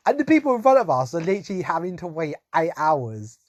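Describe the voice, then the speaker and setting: A man's voice: on the high side, fast talker, dry recording. Rambling, laughing young Englishman. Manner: rambling, animated, laughs often, trails off quietly. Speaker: vlogger. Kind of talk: casual storytelling to camera.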